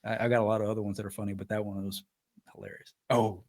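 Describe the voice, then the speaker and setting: A man's voice: fairly low pitch, rapid-fire. A man, telling stories in casual podcast chat and acting out the voices of the people he quotes. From Alabama. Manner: animated storyteller, acts out quoted voices. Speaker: podcast co-host.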